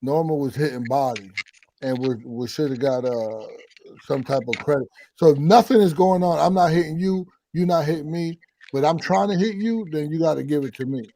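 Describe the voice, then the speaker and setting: Slightly high-voiced and speaking at a moderate pace, a boxing coach talks casually in a livestream chat, captured in a dry recording. He animatedly breaks down fight scoring with demonstrations.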